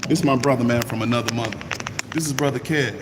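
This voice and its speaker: A man's voice: medium pitch, fast talker, big-room sound, background noise. A middle-aged man, hosting a morning Bible reading stream in a casual, folksy preaching style and greeting his viewers by name. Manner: folksy, animated, talks to his chat by name.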